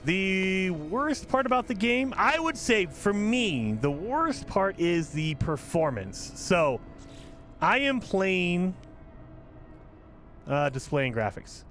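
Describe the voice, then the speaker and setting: Animated, high-voiced man ranting over gameplay. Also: takes it slowly, faint music behind. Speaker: gaming channel host. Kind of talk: casual gameplay commentary.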